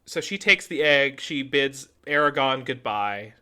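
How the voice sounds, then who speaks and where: Bright-voiced man retelling a story. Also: mid-range voice, unhurried, smooth. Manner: animated storytelling, acts out characters' lines. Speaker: podcast co-host. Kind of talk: casual chat.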